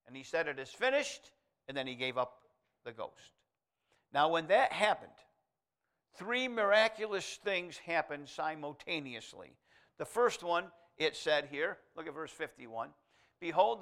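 A male preacher giving a sermon, reading scripture aloud and moving from quiet asides to loud, emphatic declarations. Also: on the high side, gravelly. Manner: reads scripture aloud in King James wording.

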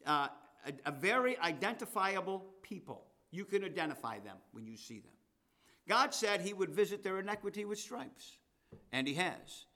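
A man preaching a sermon, reading scripture and swinging between loud declarations and quiet asides. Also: sits high. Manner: emphatic, rising to loud declarations and dropping to asides.

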